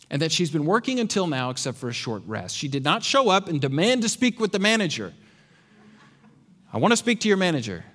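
Male pastor, sermon, high and expressive, quick rhetorical questions. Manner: animated, sarcastic asides, rhetorical questions.

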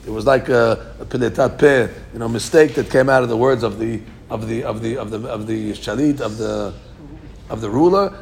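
A man's voice: mid-range voice, creaky, darkish tone, a little hiss or hum. A man teaching a Talmud lesson, translating each phrase as he goes, often restarting words mid-line.

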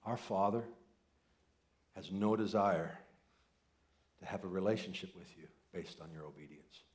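A man in his forties preaching a sermon, telling family stories with quoted voices and swinging from loud excited bursts to soft, near-whispered lines. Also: low-pitched, moderate pace. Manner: animated storytelling with quoted voices and asides. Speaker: pastor.

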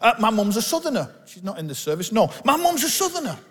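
A man's voice: sits high, sing-song, quick pace, fairly bright tone, long reverb tail. A man with a northern English accent from Bolton, preaching a candid, conversational sermon with self-deprecating stories. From Bolton, England. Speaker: pastor.

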